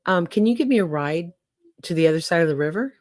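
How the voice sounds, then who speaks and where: Woman doing a sly scorpion, coaxing and smooth, storybook fable voice, lowish pitch. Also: lively intonation, quick pace, darkish tone, no echo, clean studio sound, close to an everyday voice.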